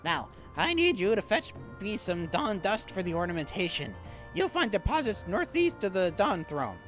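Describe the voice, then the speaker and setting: A prim little male catfish creature from a game, speaking in stiff, formal phrases, as a man reads him out. The voice sits high and swings widely in pitch. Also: very animated, moderate pace, fairly bright tone, soft background music. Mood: earnest. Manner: formal, fussy diction.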